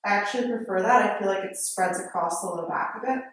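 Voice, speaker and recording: A woman yoga instructor leading a class with steady step-by-step breathing and movement cues in a yoga studio. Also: mid-range voice, quick pace. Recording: very echoey studio, mic far off.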